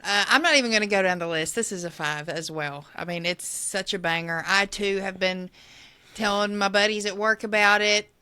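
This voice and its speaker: A woman's voice: medium pitch, moderate pace, bright, forceful tone, clear, resonant tone. A woman co-hosting a podcast, enthusiastically reviewing a horror short in casual chat and swearing casually. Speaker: podcast co-host.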